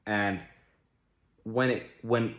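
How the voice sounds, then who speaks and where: A man's voice: fairly low pitch, fairly even intonation, very slow, fairly bright tone. A young man vlogging casual relationship advice, blunt and full of swearing, who keeps asking his viewers rhetorical questions. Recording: echoey room.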